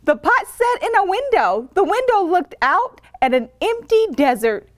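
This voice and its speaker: A very high, unhurried female voice comes through clean studio sound with no echo. The librarian reads a picture book aloud at children's story time, animated and pausing to quiz her young listeners.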